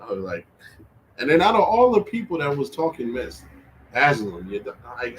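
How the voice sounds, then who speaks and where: A man's voice: medium pitch, a little fast, a little hiss or hum, poor audio. Laid-back man hosting a sports stream. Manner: animated, laughing, trash-talking, slangy. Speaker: livestream host. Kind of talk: casual sports talk livestream.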